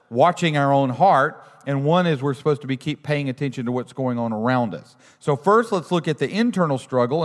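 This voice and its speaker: A male pastor, giving a sermon in a relaxed, conversational way with self-deprecating stories. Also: on the high side, long reverb tail.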